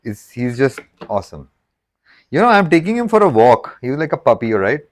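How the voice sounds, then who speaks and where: A man's voice: mid-range voice, sing-song, a little fast. A man hosting a casual live stream while he cooks, rambling and joking and often cutting himself off mid-sentence. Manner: rambling, self-interrupting, jokey.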